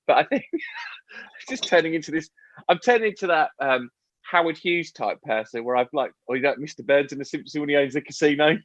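A man's voice: a little high, brisk, dry recording, muffled recording. A middle-aged man in casual podcast chat, telling stories with swearing and laughter. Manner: lively, swearing, laughing storyteller. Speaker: podcast co-host.

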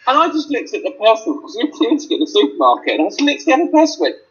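Animated ranting guy. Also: very high voice, rapid-fire, highs cut off. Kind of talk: casual chat.

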